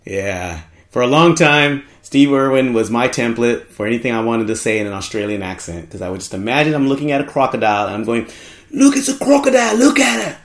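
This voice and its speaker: A man's voice: medium pitch, fairly quick, hardly any pauses. A man hosting a podcast in casual chat, joking and rambling, often trailing off while he hunts for words. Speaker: podcast host.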